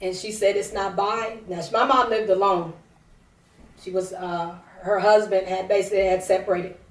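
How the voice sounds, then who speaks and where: A woman's voice: mid-range voice, steady tone, normal speed. A woman giving a tearful personal testimony, rambling with many restarts. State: teary. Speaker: prophetess broadcasting a service. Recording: roomy, distant from the mic.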